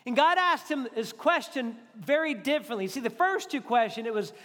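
A male pastor preaching a conversational, animated sermon to a congregation, acting out quotes as he goes. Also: very high voice, moderate pace. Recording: reverberant hall.

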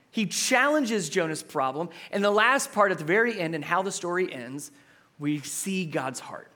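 Expressive high-voiced male preacher. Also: moderate pace. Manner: expressive, acts out quotes, shifts between loud and hushed. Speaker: pastor. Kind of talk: sermon.

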